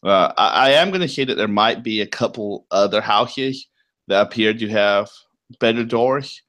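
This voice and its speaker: A man narrating as game master of a tabletop role-playing game, explaining at length with many pauses and fillers. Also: lowish voice, fairly bright tone. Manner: unhurried, filler-heavy explaining.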